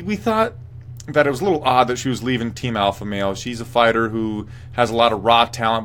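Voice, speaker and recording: A man's voice: mid-range voice, fairly bright tone. A young man hosting a casual mixed martial arts post-fight show, rambling, swearing freely and reacting to viewer chat. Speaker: host.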